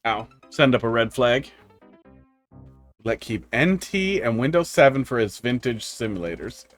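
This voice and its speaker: A man's voice: medium pitch, animated, measured pace. Rambling, profane male game streamer. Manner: rambling, profane, wry tech anecdotes. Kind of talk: casual live-stream chat. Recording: faint music underneath.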